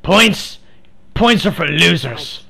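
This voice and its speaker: A man's voice: fairly high pitch, lively intonation, slow pace, gravelly, crowd noise. A man trolling other players over game voice chat in a mock-earnest, playfully provocative way.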